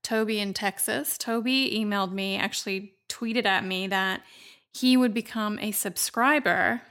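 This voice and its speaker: A woman with a dry, fry-heavy voice at the end of the day, chatting on a podcast and telling a story with laughs. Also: mid-range voice, unhurried, fairly bright tone. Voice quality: vocal fry. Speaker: pop culture contributor. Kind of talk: casual podcast chat.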